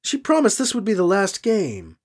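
A weary woman pilot, guilty and quick to snap, as a man voices her. She sounds flustered and defensive, her pitch swinging high and wide. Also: wildly swooping pitch, full character voice.

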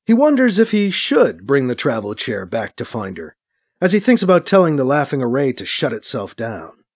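A man reading a science fiction story as narrator, in steady storytelling narration. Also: medium pitch, moderate pace. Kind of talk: scripted narration.

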